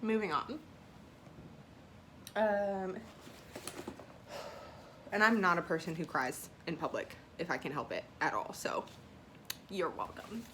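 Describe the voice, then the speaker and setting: Soft-spoken woman, lowish voice, teary. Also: takes it slowly, long pauses, slight background noise. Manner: emotional and self-conscious, soft and tearful at times. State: teary after crying. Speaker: unboxing vlogger. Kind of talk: casual unboxing chat, reading affirmation cards aloud.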